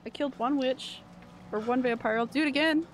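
A woman live-streaming a horror game, reacting excitably and chatting with her viewers as she plays. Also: high-pitched, fairly quick, slight background noise. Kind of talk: live gameplay commentary.

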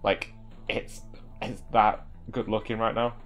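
A man's voice: fairly low pitch, little pitch movement, a little slow, fairly bright tone, faint music behind. A young man giving live gameplay commentary, exasperated and talking back at the game. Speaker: gaming video creator.

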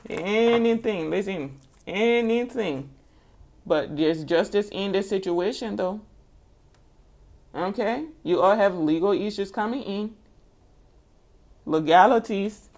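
A woman's voice: fairly low pitch, darkish tone. A woman giving a casual tarot reading, blunt and emphatic, with sassy, scolding asides and the same points said again and again. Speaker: tarot reader.

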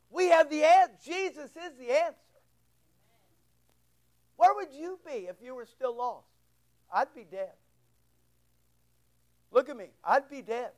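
A man's voice: very high voice, low-quality recording. A man preaching a fervent sermon from the pulpit, firing off rhetorical questions and pressing points home with emphatic repetition. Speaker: pastor.

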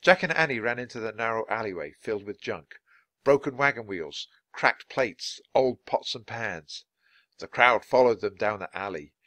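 A man reading a children's storybook aloud in a clear, measured way for learners. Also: lowish voice, expressive, bright, forceful tone, no echo. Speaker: storybook reader. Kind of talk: children's book read-aloud.

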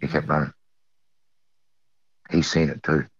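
A middle-aged Australian man with a remarkably deep voice tells a personal story in earnest, circling back to repeat his key phrases. The audio is dry and dull, like a lo-fi recording. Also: level tone, measured pace, breathy edge, no echo. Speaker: eyewitness.

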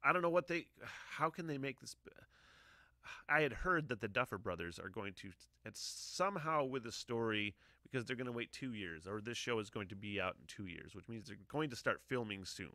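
Podcast host, man in his 40s, bright dry voice, profane emotional rambler. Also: mid-range voice, animated, a little fast, no echo. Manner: profane, emotional, sighing often. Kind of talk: casual rambling monologue.

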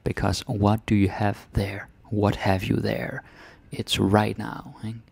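A man's voice: lowish voice, level tone, a little slow, creaky, darkish tone, breathy edge, no room sound. A man with a Danish accent explaining his language in a casual lesson, chatty and full of little tag words. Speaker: Danish teacher.

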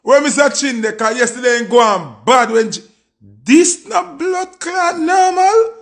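A Jamaican man gives excitable music reaction commentary, cursing freely as he talks. His voice sits high with a gravelly edge. He speaks at an unhurried pace. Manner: excitable, exclamatory, swears freely.

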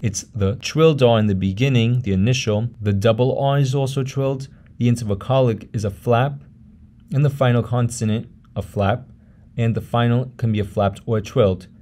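A man narrating a pronunciation lesson in a measured way, saying example words slowly and often twice. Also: medium pitch, warm tone. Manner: measured, repeats each example word slowly. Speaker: language teacher.

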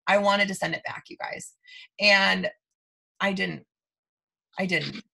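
Taking it slowly, a woman in her thirties motivates her team over live video, speaking emphatically, repeating her points and calling them "you guys." Her medium-pitched voice is bright and forceful, with vocal fry.

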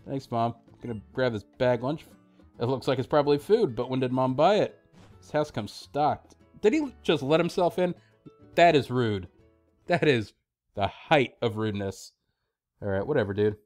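A man hosting a let's play, giving casual gameplay commentary, excitable and joking as he talks back to the screen. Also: medium pitch, normal speed, faint music behind.

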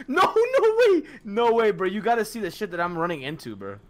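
A young man in casual gaming chat at home, excitable, laughing often and swearing casually. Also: high voice, fast, background noise. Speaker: gamer. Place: home room.

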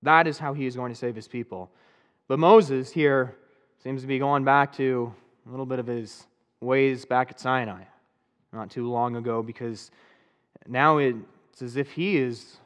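A man's voice: mid-range voice, steady tone, measured pace, long pauses, long reverb tail. A male pastor preaching a sermon in an easy, conversational way, with bits of dry sarcasm.

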